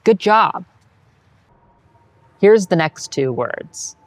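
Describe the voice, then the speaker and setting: A patient teacher's voice guides the listener through a line of verse, speaking at a slow, deliberate pace. It models each phrase and then warmly invites the listener to try it. The recording is dry and close, with no room sound. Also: medium pitch, lively intonation, no echo. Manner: patient, encouraging, models recitation for the listener to repeat. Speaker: Latin teacher. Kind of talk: scripted instructional narration.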